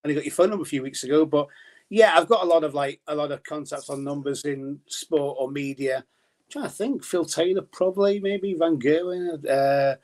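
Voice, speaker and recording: A man's voice: a little high, brisk, darkish tone. A man talking as a podcast guest about his darts journalism in a casual, rambling way with many restarts.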